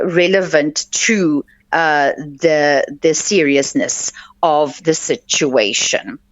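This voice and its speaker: A woman's voice: low voice, dry recording. A woman life coach hosting a radio advice show, talking earnestly and instructively with many fillers and restarts. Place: radio studio. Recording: dull lo-fi, dry radio audio.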